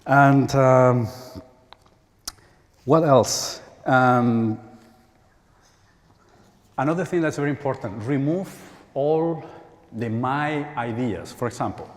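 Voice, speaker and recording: A man with a Spanish accent giving an animated inspirational talk at a conference, acting out quoted voices and laughing often. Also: medium pitch, measured pace, long pauses. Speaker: conference speaker. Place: large church hall. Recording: echoey hall with long reverb.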